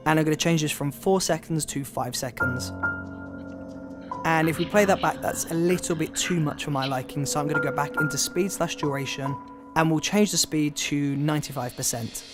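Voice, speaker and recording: A man's voice: fairly high pitch, moderate pace. A man hosting a casual video-editing tutorial, upbeat and explaining step by step. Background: background music.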